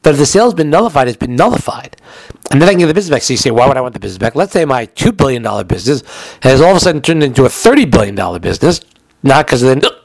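A man's voice: fairly high pitch, big pitch swings, rapid-fire, vocal fry, dry recording. A man giving a recorded halacha lesson in a chatty way, explaining with everyday examples, and he has the hiccups. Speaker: Torah teacher.

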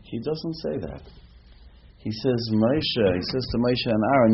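A man teaching a lively Torah class as a rabbi, asking rhetorical questions and mixing in Hebrew terms. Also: mid-range voice, unhurried. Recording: dull lo-fi recording with faint noise.

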